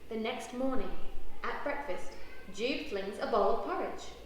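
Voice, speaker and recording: A woman reading a picture book aloud to children, expressive, with lively character voices and questions to the listeners. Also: a little high, a little slow. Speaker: children's story reader. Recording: very echoey room, faint background noise.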